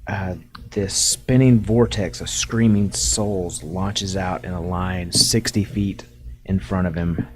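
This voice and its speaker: Deep-voiced male game master. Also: steady tone. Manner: measured, describing effects and calling for rolls. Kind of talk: running a tabletop game.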